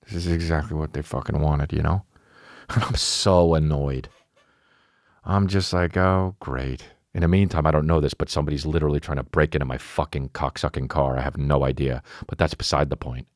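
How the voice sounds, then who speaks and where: A man hosting a podcast, telling a comic story as a profane, animated rant that keeps interrupting itself. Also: extremely low pitch, brisk, no room sound, studio quality. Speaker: podcast host. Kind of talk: comedic storytelling monologue.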